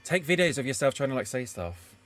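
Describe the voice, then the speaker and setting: A man's voice: mid-range voice, very animated, fairly quick, fairly bright tone, soft background music. A man streaming a story game, reacting aloud with chatty asides to his viewers. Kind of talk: casual game playthrough commentary.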